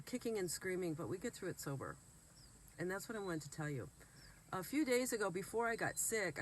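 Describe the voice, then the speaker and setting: A woman's voice: low voice, a bit bright, a little hiss or hum. A woman vlogger, sick and emotional, talking earnestly and bluntly straight to her viewers. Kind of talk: heartfelt direct-to-camera talk.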